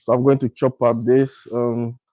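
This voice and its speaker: In a home cooking video, a man from Ghana talks while he works, unhurried and casual, repeating his words. The cooking vlogger's voice is mid-range, mellow and level in tone, captured in poor audio with no echo.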